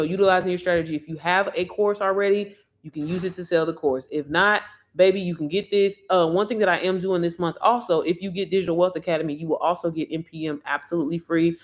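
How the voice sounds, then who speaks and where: A young woman, chatting casually on a livestream as an online marketing coach, hyped and friendly, calling viewers girl and sis. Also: lowish voice. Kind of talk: casual livestream sales talk.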